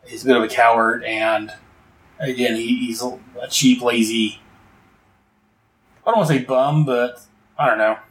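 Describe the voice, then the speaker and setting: A man's voice: medium pitch, steady tone, normal speed, pauses often, roomy sound, poor audio. A man giving a casual, rambling recap of a comic book issue, full of fillers and enthusiastic asides.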